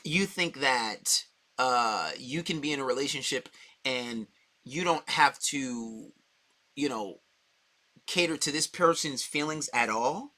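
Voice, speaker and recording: Blunt, forceful man ranting. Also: mid-range voice, takes it slowly. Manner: blunt, profane, heated. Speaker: dating coach. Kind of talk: opinionated monologue.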